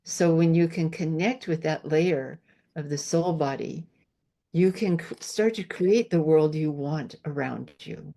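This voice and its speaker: Low, mellow older woman guest. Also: unhurried. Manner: earnest, reflective, repeats key phrases for emphasis. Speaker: podcast guest, homeopath. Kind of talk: interview conversation.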